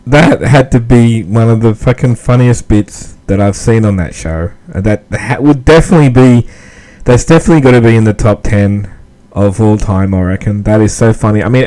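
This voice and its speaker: A man's voice: lowish voice, a little mellow, low-quality recording. A man with an Australian accent hosting a podcast, chatting casually and rambling with lots of fillers. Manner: rambling, halting with many fillers. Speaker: podcast host. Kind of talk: casual commentary.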